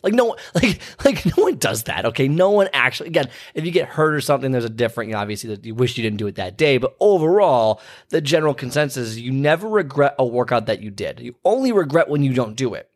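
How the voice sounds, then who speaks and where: A man's voice: mid-range voice, very animated, quick pace, few pauses. A man who works as a personal trainer, giving a casual motivational talk with lots of fillers, restarts and repeated phrases. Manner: chatty, repeats himself, many fillers and restarts.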